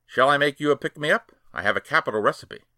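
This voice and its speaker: A man's voice: medium pitch, animated, quick pace, pushed and bright, no room sound, clean studio sound, voice pushed up. A man doing a blunt, stubborn ship's surgeon. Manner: curt, firm, a bit triumphant.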